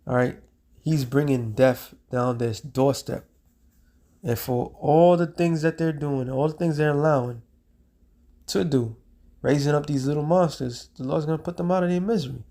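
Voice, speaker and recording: A man delivers a street sermon in a medium-pitched voice. He draws out the scripture he reads, then switches to casual slang and keeps checking in with "all right?". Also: mellow. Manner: reads scripture in a slowed, drawn-out cadence. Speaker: preacher.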